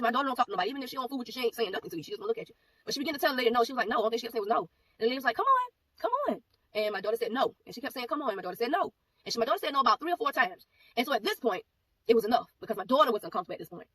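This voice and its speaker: A woman giving a personal testimony, telling the story in a rapid, animated way and acting out the back-and-forth of the exchange. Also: on the high side. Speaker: ministry speaker giving a testimony. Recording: voice a bit far from mic, faint background noise.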